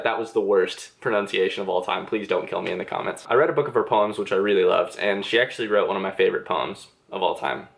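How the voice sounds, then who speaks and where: A young man answers viewer questions in a casual vlog filmed in his bedroom, which has a reading chair. He's chatty and self-deprecating, using plenty of filler words, and his voice sits on the low side with vocal fry and a slightly bright quality.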